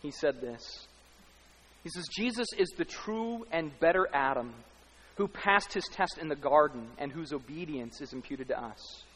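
A man's voice: fairly high pitch, animated, moderate pace, a bit bright, slightly rough. A man preaching a sermon as pastor, speaking emphatically, building runs of repeated lines and rhetorical questions. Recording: long hall reverb.

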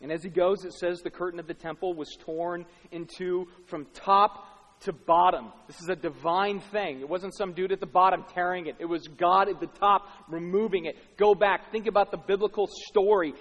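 A man preaching a sermon, swinging dramatically between hushed, quiet passages and loud, shouted peaks. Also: sits high, fairly even intonation, moderate pace. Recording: long hall reverb.

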